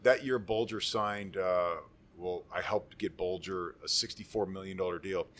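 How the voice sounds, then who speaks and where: A former pro football lineman in his forties, appearing as a podcast guest, tells rambling, profane stories in casual chat. He's a boisterous storyteller with a low, slightly bright voice at a moderate pace.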